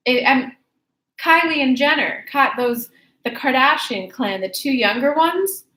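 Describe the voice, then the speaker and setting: A woman hosting a spiritual livestream, chatting and telling stories in a lively, animated way, speaking of herself by name. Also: a little high, roomy sound, poor audio. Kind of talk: animated channeled talk and storytelling.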